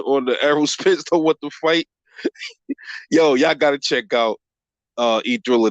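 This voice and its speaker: A man's voice: mid-range voice, a bit bright, no echo, dull audio. A man hosting a boxing channel livestream, reading viewer comments in a profane, rambling way and calling everyone bro. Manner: profane, rambling, quick to laugh.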